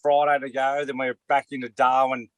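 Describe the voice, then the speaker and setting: A man's voice: mid-range voice, little pitch movement, normal speed, no echo. Rambling Australian man, lots of "mate". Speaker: co-host, former player. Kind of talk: casual sports chat.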